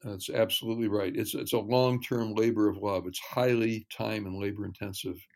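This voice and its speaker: A man talking as a ministry guest in an interview, earnest and measured, telling stories. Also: on the low side, fairly even intonation, a little mellow. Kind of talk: casual interview chat.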